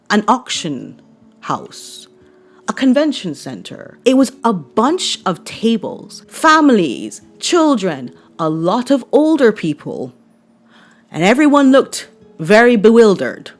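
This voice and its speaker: A woman with a Barbadian accent telling a personal story to camera in a chatty, animated way, often checking in with viewers. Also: mid-range voice, takes it slowly, faint music behind. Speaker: vlogger.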